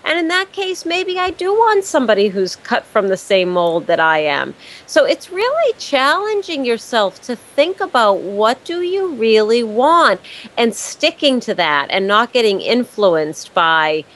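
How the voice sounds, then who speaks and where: A woman's voice: fairly high pitch, big pitch swings, measured pace, a bit bright, poor audio. A woman business consultant answering interview questions, laying out her points step by step and stressing key words by repeating them. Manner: structured, explains step by step.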